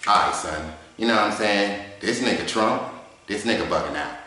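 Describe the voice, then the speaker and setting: A man with a lowish, pushed, bright voice at a moderate pace plays a swaggering, profane male debater. The character is brash and cocky, speaking in heavy street slang and swearing constantly. It was recorded in an echoey garage.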